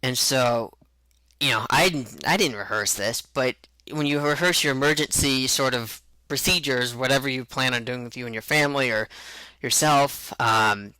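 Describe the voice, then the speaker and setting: A man's voice: medium pitch, moderate pace, sharp tone, clear, resonant tone, no echo, poor audio. A young man telling a personal story in a rambling way, with halts and restarts. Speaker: vlogger recounting a truck accident.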